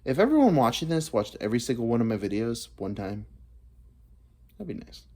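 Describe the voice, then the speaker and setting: A man's voice: mid-range voice, big pitch swings, fairly quick, dark tone. A man in his thirties, vlogging a rambling, profane comic monologue that drifts between topics. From United States. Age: 30s. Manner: profane, meandering, self-deprecating.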